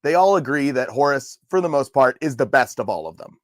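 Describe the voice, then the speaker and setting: A wry, dry-humored man walks through history in a casual podcast chat. His voice is at an ordinary male pitch, and the recording is close and dead, with no room sound. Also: lively intonation, fairly quick, no room sound. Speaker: podcast co-host explaining the history.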